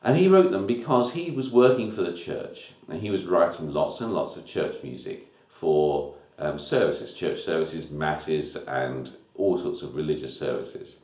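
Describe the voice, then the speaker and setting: Low-voiced music teacher, echoey room. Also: male voice, a little slow, few pauses, a little mellow. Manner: informal, explains terms step by step. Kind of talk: recorded music lesson.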